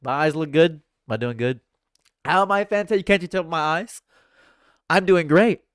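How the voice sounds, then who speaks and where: A man's voice: sits high, expressive, normal speed, dry recording, studio quality. Sarcastic man ranting on a livestream. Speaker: streamer. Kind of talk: livestream commentary. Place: home. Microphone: condenser USB microphone.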